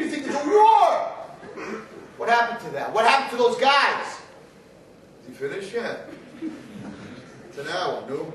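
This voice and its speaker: A middle-aged man lectures as a rabbi, his voice high-pitched and leaping from soft asides to shouted bursts. He is caught from far off in a big hall that rings with echo. Faint background hiss sits under the talk. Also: very animated, moderate pace, pauses often. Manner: swings from quiet asides to shouting, acts out arguing voices. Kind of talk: animated live talk. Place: large hall at a live event. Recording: distant, echoey hall recording with faint noise.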